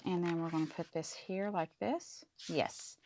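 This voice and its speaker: A woman's voice: on the low side, fairly even intonation, measured pace, a little mellow, a little hiss or hum. A middle-aged woman hosting a casual craft tutorial, chatting to viewers as she works through each step. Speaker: crafting channel host.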